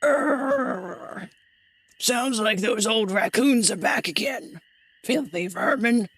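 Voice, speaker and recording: Grumbly old neighbor with a gruff, cranky read, put on by a woman streamer reading a game scene aloud. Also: a little high, animated, takes it slowly, fairly bright tone, pitched above the performer's own voice, heavily acted. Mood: grumpy. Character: grumpy old man neighbor.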